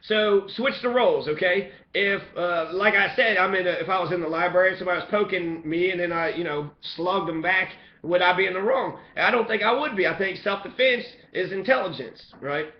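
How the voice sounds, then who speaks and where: A man giving impassioned personal testimony, talking in a profane, rambling way and growing loud and heated. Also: sits high, a little fast, few pauses. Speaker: person recounting a police beating. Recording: echoey, dull room recording.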